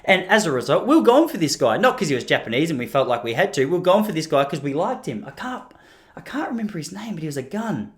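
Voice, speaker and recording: A man's voice: a little high, big pitch swings, fast talker. An Australian man hosting a podcast, chatting casually to camera in a joking, rambling way. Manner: joking, rambling, slips into playful mimicry. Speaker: podcast host.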